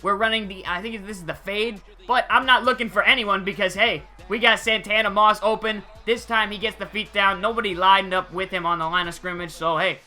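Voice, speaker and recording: A young man giving casual, excitable gameplay commentary over a football video game, using slang and chuckling often. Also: high-pitched, fairly quick, few pauses, soft background music. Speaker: gaming channel host.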